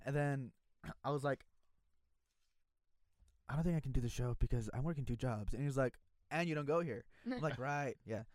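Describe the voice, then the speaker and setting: A man's voice: mid-range voice, normal speed, long pauses, no room sound, studio quality. A young man casually telling a story to friends, acting out the voices of the people in it. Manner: animated storytelling, acts out quoted voices. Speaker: storyteller in group chat. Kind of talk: casual chat.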